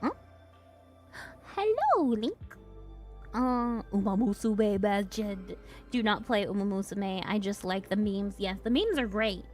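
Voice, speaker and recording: A woman's voice: mid-range voice, animated, a little slow, darkish tone, faint music behind. A young woman hosting her stream, chatting casually with viewers and laughing often. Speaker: streamer host.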